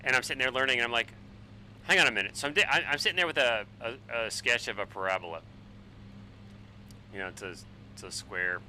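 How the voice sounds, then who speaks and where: A man in his forties, a bit tipsy on wine, rambling and swearing excitably while chatting on a flight sim live stream. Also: mid-range voice, fast, slight background noise, rough recording. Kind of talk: casual live-stream chat while flying.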